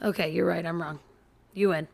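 A woman co-hosting a podcast, a mother of four talking in animated, swear-heavy banter, acting out her own yelling. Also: on the low side, brisk, creaky. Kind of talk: casual couple banter.

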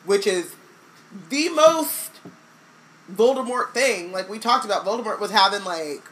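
A young woman co-hosting a casual chat podcast, talking fast and animated with lots of "like" and playful put-on voices. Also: mid-range voice, poor audio. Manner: animated, lots of "like", acts out characters in silly voices. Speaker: podcast co-host. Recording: faint background noise.

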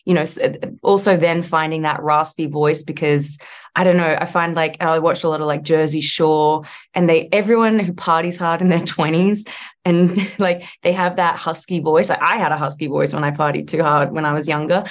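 A woman's voice: sits low, steady tone, moderate pace. An Australian actress in her thirties chatting in an interview, rambling with lots of fillers and restarts. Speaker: actress guest. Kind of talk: casual interview chat.

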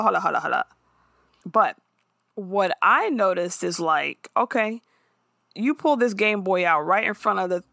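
A woman recapping a show in casual podcast chat, swearing freely and slipping into quick character voices. Her pitch swings widely with a gravelly fry underneath. The sound is dry and close. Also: no room sound. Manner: animated, profane storytelling with quick character impressions.

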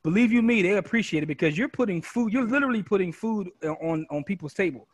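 Podcast host dude, high lively voice, real encouraging and slangy, dry close sound. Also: male voice, fast talker, no echo. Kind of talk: casual chat.

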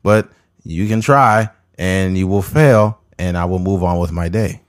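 A man's voice: sits low, a little slow. A man in his thirties hosting a podcast in casual chat, blunt, profane and emphatic. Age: 30s. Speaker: podcast host.

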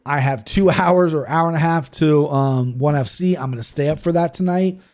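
A man's voice: a little high, darkish tone. A man hosting a podcast in loose, rambling chat, swearing freely as he talks through fight picks. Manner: profane, rambling, quick-talking. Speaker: podcast host. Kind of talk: casual chat.

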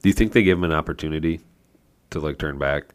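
A man's voice: a bass voice, quick pace, clean tone. A man in his thirties, a podcast co-host, chatting casually in a sarcastic, joking way with frequent laughs. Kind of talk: casual chat.

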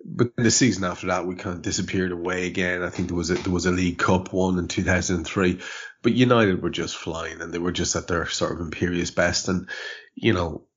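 Man, host of a fan podcast; very low, husky, loose and rambling, dull lo-fi audio. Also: brisk. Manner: animated, rambling, swears, many restarts. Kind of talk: casual podcast chat.

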